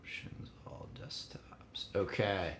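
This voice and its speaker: A man's voice: takes it slowly, a little hiss or hum. A middle-aged man from upstate New York, hosting a casual livestream chat with lots of fillers. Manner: relaxed, chatty, frequent fillers. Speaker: host.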